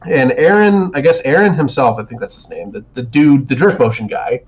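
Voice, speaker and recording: Speaking at medium pitch and a brisk clip, this podcast co-host tells a long, crude, meandering story with many false starts. It's casual conversation heard through dull, lo-fi stream sound.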